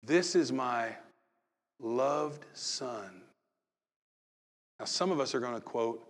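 A pastor preaching a sermon, moving from loud acted-out calls to soft, hushed talk. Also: male voice, medium pitch, animated, slow pace, pauses often, in a large hall.

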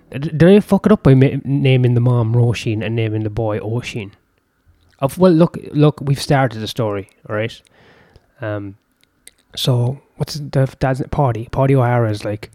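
A man's voice: mid-range voice, normal speed, warm tone, no echo. A man improvising a spoken story, rambling with profane asides and breaking off to comment on his own tale.

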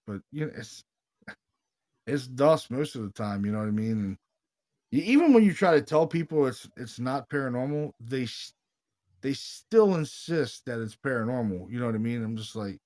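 A man with a medium-pitched voice hosts a paranormal podcast in loose, casual chat. He tells stories with rising excitement, swears freely and keeps saying "dude" and "you know what I mean.". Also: moderate pace. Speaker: podcast host, paranormal investigator.

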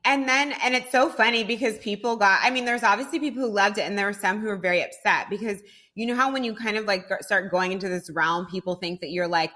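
A woman's voice: medium pitch, quick pace, bright, forceful tone. A young adult woman, a business mentor and podcast guest, talking in emphatic casual chat and swearing freely.

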